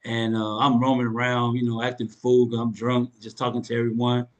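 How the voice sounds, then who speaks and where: A man hosting a casual chat, telling a personal story in a relaxed, joking way and laughing often. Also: medium pitch, a little fast. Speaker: host.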